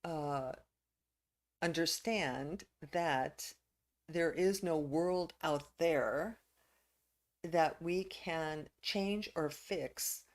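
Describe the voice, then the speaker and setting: A woman minister preaching a reflective sermon, pausing with fillers and restarts. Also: sits low.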